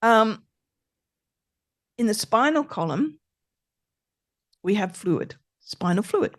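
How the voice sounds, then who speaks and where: A middle-aged woman therapist talking as a podcast guest, expressive and emphatic, repeating her key points. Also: on the high side, takes it slowly, no room sound, studio quality. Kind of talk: conversational podcast interview.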